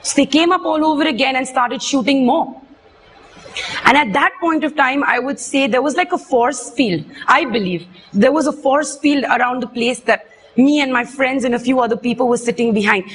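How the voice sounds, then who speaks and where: Earnest woman, high voice. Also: a bit bright, a little hiss or hum. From India. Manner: earnest, emotional, halting retelling. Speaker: witness giving testimony. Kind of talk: personal testimony.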